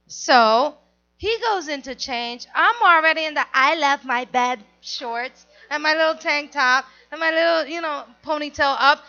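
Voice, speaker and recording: A woman with a high voice tells a candid personal story at a normal speed, animated and confessional. The recording is dull and lo-fi.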